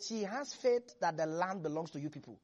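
A preacher delivering an animated, humorous sermon to a congregation. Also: medium pitch, brisk, muffled recording. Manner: animated, jokes and laughs with the congregation.

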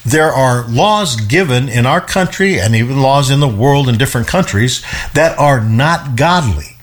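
A man's voice: medium pitch, lively intonation, a little slow. A man teaching a conversational Bible study, emphatic, often repeating words and acting out quotes as he retells stories.

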